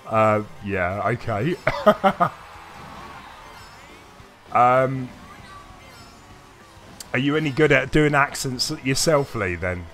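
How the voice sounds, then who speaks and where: Speaking extremely slowly with frequent pauses, this male streamer has a medium-pitched voice, lively intonation and a sharp tone. He rambles through casual commentary, reading chat and hesitating a lot over faint game music.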